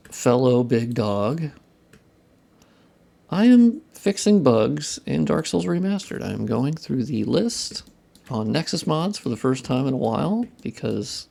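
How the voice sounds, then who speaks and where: A young man with a gravelly, fry-tinged voice at a middle pitch, talking loosely to his stream audience as he works. He mutters, swears at his software and laughs at himself between thoughts. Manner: profane, self-deprecating muttering to chat. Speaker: modding streamer. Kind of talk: casual live-stream chat while working.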